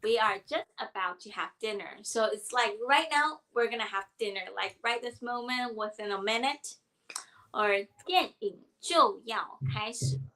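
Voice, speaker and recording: A woman co-hosting a Chinese grammar lesson explains examples in an upbeat, encouraging way as the teacher. Her voice is fairly high and a bit bright at a normal speed, though the recording is rough.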